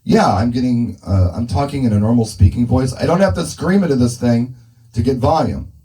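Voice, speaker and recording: A man's voice: mid-range voice, a little fast, warm tone, low-quality recording. A man testing a microphone through a speaker indoors, thinking aloud casually as he adjusts the settings. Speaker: mobile DJ testing gear. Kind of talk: casual demo talk. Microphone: handheld dynamic mic through a PA speaker.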